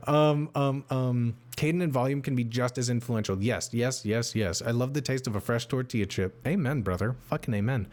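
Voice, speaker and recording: A man's voice: mid-range voice, moderate pace, hardly any pauses, a little mellow. A young man live-streaming, chatting casually with viewers as a game master, rambling and enthusiastic, swearing freely.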